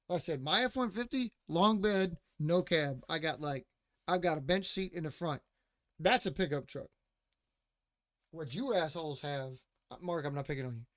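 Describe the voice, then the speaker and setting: A man's voice: fairly high pitch, no echo, clean studio sound. A man ranting casually as a podcast host, profane and mocking, full of fillers like "like" and asides to listeners. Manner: responds to chat or co-host mid-rant.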